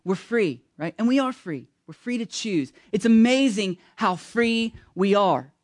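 A man pastor giving a sermon in a casual, joking way, talking straight to the congregation and slowing down to stress key words. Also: sits high, animated. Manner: slow, emphatic when stressing key words.

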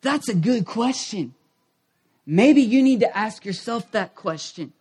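A man's voice: high voice, expressive, moderate pace, darkish tone. A man pastor preaching a sermon, telling a personal story in a conversational way and asking the congregation questions.

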